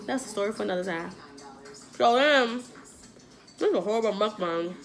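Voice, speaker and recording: A young adult woman vlogger telling a casual storytime while eating, animated and profane, laughing often. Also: mid-range voice, normal speed, faint music behind.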